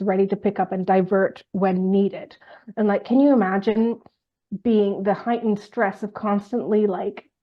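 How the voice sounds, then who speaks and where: A woman's voice: mid-range voice, dull audio. A woman co-hosting a casual true crime podcast, telling a story with lots of fillers and asides. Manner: conversational storytelling with many fillers. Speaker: podcast co-host.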